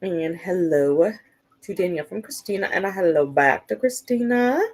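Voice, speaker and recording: A woman runs a relaxed livestream from home, talking loosely and reading out viewer comments as they arrive. Her voice is slightly low for a woman, she speaks at a normal speed, and "like" and "um" come up constantly.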